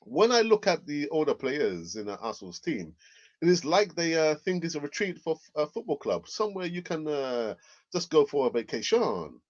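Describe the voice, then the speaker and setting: A man doing a deliberately rough French accent for a blunt middle-aged former footballer, speaking low and halting. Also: very animated. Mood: scornful. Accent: French, put on. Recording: dull lo-fi audio.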